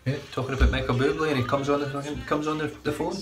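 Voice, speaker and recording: A man's voice: a little high, fairly even intonation, very fast, music in the background. A man chatting casually in his bathroom about a shave, rambling, swearing freely and correcting himself as he goes. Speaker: shaving vlogger. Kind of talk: casual product review chat. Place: home bathroom.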